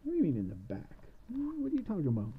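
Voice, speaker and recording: Cranky old witch, a man doing the voice, high squeaky pitch, shrill, husky, muffled lo-fi sound. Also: wildly swooping pitch, quick pace, a little hiss or hum, heavily acted. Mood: indignant. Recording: dull lo-fi recording.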